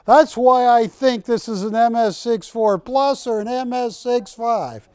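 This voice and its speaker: High-voiced older man selling on air. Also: unhurried, smooth, dry recording. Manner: energetic, joking, urging callers. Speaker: shopping channel host. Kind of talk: live TV sales pitch. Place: TV studio.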